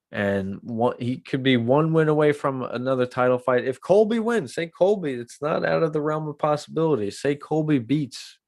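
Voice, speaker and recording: A man hosting a casual MMA podcast, chatty and animated, acting out what people say. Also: medium pitch, no room sound. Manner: chatty, animated, acts out quotes. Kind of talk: casual commentary on a live stream.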